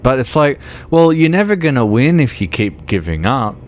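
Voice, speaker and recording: A man's voice: medium pitch, very animated, normal speed. A drunk man with an Australian accent, streaming a driving game and chatting in a rambling, sweary way, laughing often. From Melbourne, Australia. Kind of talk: casual chat while playing a driving game.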